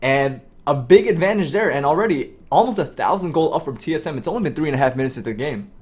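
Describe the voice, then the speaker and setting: A man with a slightly high voice rattles off quick analysis during a live esports broadcast. He explains gold leads and strategy in a rapid, steady flow. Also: husky. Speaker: esports co-caster.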